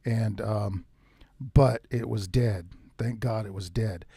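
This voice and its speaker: A man telling a tense first-person hunting story in a casual, animated way, with some mild swearing. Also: lowish voice, takes it slowly, vocal fry, breathy edge, dry recording, studio quality. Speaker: outdoors storyteller.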